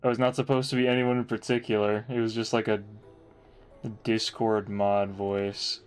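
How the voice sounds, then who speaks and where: A man's voice: on the low side, level tone, normal speed, clear, resonant tone, faint music behind. Laid-back man chatting on stream. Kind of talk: casual chat while drawing.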